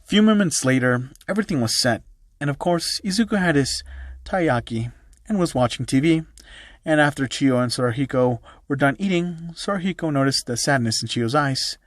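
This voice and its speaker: A man's voice: mid-range voice, lively intonation, normal speed, no room sound, clean studio sound. A man narrating an amateur fan story in a plain storytelling way, reading every part himself.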